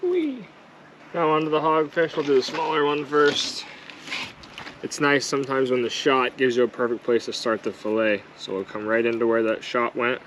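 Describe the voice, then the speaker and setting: A man's voice: medium pitch, little pitch movement, normal speed, fairly bright tone, slight background noise, rough recording. A man talking casually and matter-of-factly, walking viewers through a task step by step. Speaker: vlogger. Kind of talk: casual how-to narration.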